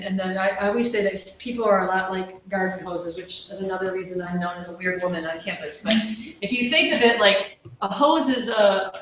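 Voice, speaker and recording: A woman's voice: mid-range voice, a bit bright, far from the mic. A woman counselor giving an informal workshop talk, conversational and self-deprecating, with frequent restarts and questions to check that the audience is following. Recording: very echoey room, voice picked up from afar, faint background hum.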